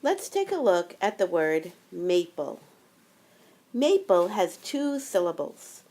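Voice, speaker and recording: A woman teaching a phonics tutorial, explaining step by step in a careful, deliberate way. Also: medium pitch.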